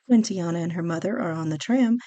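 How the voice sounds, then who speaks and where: A woman hosts a podcast, her voice pitched a little low. She talks in an earnest, semi-scripted way and often reads text aloud. The sound is dry and close, with no room around it. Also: brisk, mellow, dry recording, highs cut off. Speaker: podcast host. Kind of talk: casual scripted commentary.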